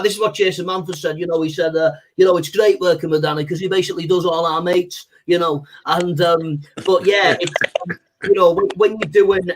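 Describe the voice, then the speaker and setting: A man's voice: high voice, a bit bright. A man guesting as an impressionist, chatting casually over a video call in a rambling way, leaning on fillers like "you know".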